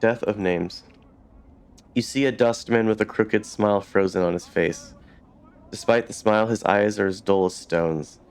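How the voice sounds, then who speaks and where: A man's voice: on the low side, steady tone, moderate pace, darkish tone, clean tone. A man hosting a let's play, reading the game's narration aloud with casual asides. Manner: reads narration, stops to comment casually. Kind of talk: reading game text aloud.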